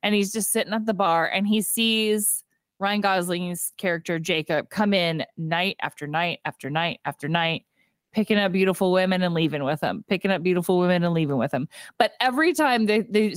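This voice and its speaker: A woman co-hosting a casual movie recap chat, giggly and animated as she retells scenes. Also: on the low side, dry recording, clean studio sound. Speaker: podcast co-host.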